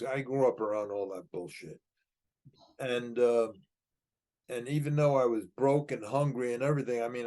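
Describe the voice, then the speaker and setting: A man's voice: mid-range voice, a little mellow. An older American man telling a long story from his past, rambling with repeated words and restarts, acting out tough-guy dialogue. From United States. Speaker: podcast guest telling his life story. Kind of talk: casual storytelling.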